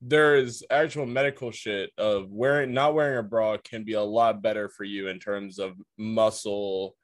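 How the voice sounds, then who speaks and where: Man, co-host, lowish voice, blunt, swearing, dry sound. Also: steady tone, moderate pace, no echo. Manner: blunt, profane. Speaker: podcast co-host. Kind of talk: casual chat.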